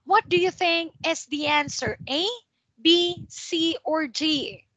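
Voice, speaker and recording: Bright, slow-paced woman teaching English. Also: very high voice, no echo. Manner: patient, drills pronunciation with slow repetitions. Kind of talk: online one-to-one tutoring. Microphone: video call.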